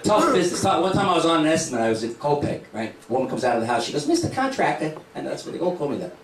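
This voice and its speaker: A middle-aged man doing a stand-up comedy set in a club, with a brash, punchy delivery and quick asides to the crowd. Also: on the high side, expressive. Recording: echoey club room, distant mic, crowd noise. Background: audience laughter.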